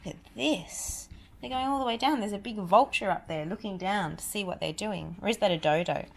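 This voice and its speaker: A woman reading a children's picture book aloud, with lively, chatty asides to a listening child. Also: medium pitch, fast talker, vocal fry, a little hiss or hum. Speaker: storybook reader.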